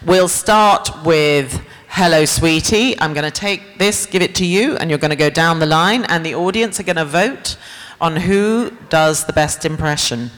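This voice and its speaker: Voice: mid-range voice, moderate pace, few pauses, fairly bright tone. A convention panel host running audience games on stage with a handheld mic, playful and laughing as they call out to the crowd. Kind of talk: lively stage hosting with an audience. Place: large convention hall stage. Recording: echoey hall with a live crowd and faint noise.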